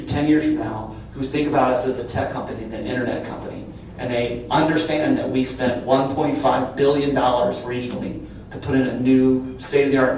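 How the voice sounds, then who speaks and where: A man's voice: mid-range voice, darkish tone. A middle-aged man from Cincinnati speaking candidly to a live audience as a company leader, in an earnest, conversational way that keeps tagging "right?". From Cincinnati, Ohio. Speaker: company CEO speaking at a business breakfast. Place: large event room. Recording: very echoey hall from far off, faint hum. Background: occasional audience laughter.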